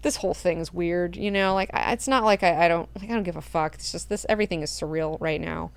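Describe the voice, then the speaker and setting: A woman's voice: fairly low pitch, fast talker, creaky, clean tone, no room sound. A woman playing a bitter young male warrior clone who talks in profane, slangy outbursts. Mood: weary.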